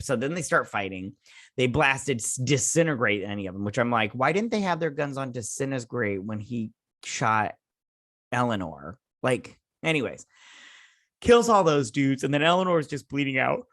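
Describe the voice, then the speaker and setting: A man's voice: medium pitch, lively intonation, moderate pace, a bit bright, dry recording, studio quality. A man hosting a casual episode review, rambling with many fillers and restarts. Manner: rambling, filler-heavy, self-interrupting. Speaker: show host.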